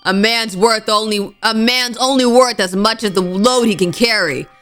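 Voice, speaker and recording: A brash tough-guy biker drawls his lines slowly and with swagger, as a woman reads him aloud from a video game. The voice is bright, with faint music underneath. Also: a little high, natural voice.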